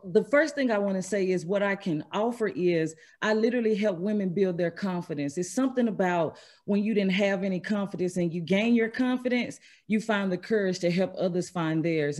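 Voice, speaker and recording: A woman from Mississippi, a trauma specialist, telling her personal story in an earnest, measured and emphatic way over a video call. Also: medium pitch, darkish tone. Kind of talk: personal story told at an online event.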